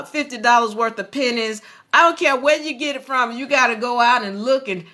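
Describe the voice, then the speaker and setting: A woman hosting a motivational live stream, talking in an animated, preachy way and speaking straight to her viewers. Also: a little high.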